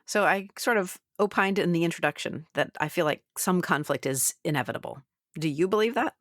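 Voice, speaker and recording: Female host, lower voice, curious, short direct questions, dry recording. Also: expressive, fairly quick, no echo. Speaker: interview host. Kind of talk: interview questions.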